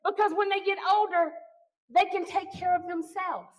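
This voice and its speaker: A middle-aged woman pastor preaching a sermon, building to shouted declarations and prayers. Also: very high-pitched, steady tone, a little fast, rough recording.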